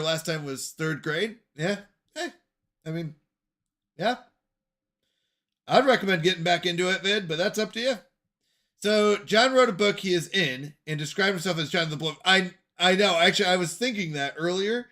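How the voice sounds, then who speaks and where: A young man chats casually on his stream, reading and answering viewers with a joking, self-deprecating manner and frequent laughs. His voice is bright and sits a little high for a man. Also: expressive, normal speed. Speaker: livestream host reading chat. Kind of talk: casual chat.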